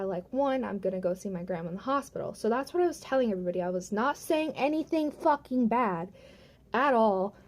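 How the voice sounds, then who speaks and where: A young woman tells a storytime vlog from her home, and her voice sits a little high with a mellow, warm tone. She retells everything heatedly, swearing freely and packing her sentences with "like.". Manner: profane, heated retelling full of "like". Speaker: vlogger.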